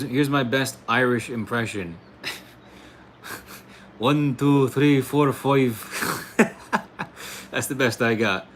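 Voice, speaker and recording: An American man with a mid-range, fairly bright voice hosts a casual livestream, with a little hiss or hum in the audio. He reads chat comments in a laid-back way, laughing often and calling people "bro" and "dude."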